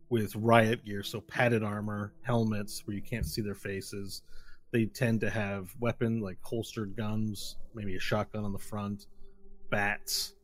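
A man narrating a tabletop role-playing game as game master, describing scenes in a loose, hesitant way. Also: on the low side.

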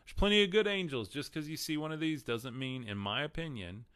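A man's voice: fairly high pitch, fairly quick, fairly bright tone, clear, resonant tone, no echo. A man with a Texan accent hosting a live stream, chatting casually about the Bible and answering viewer comments. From Texas. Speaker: podcast host.

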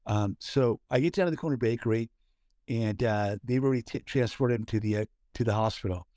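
A man's voice: medium pitch, brisk, warm tone, dry recording, studio quality. A man from Southern California co-hosting a casual podcast, telling a story with many fillers and restarts. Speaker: podcast co-host. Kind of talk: casual chat.

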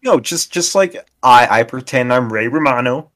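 A man's voice: medium pitch, animated, normal speed, fairly bright tone. A man co-hosting a podcast in casual chat, jokey and playful, always doing bits. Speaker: podcast co-host.

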